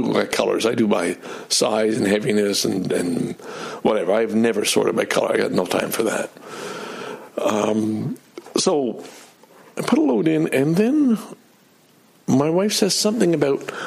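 A man's voice: lowish voice, gravelly, slightly rough. A middle-aged man telling a personal story in a casual, self-deprecating way, acting out his own outbursts.

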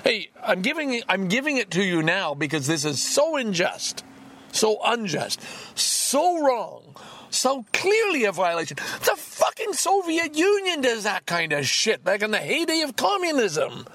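A man's voice: high voice, big pitch swings, unhurried, a bit bright. A man hosting a podcast, ranting angrily and profanely with heavy emphasis. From Canada. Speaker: podcast host. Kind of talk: solo podcast rant.

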